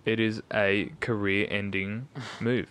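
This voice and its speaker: A man's voice: lowish voice, level tone, slow pace, a bit bright, clean tone. A man, giving blunt, emphatic opinions as a podcast co-host in casual sports chat. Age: 20s.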